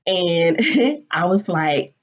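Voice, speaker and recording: A woman's voice: lowish voice, big pitch swings, very slow. Candid woman in her forties, lo-fi. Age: 40s. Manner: candid, emotional, swears casually. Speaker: business founder. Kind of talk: personal story monologue. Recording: dull lo-fi audio.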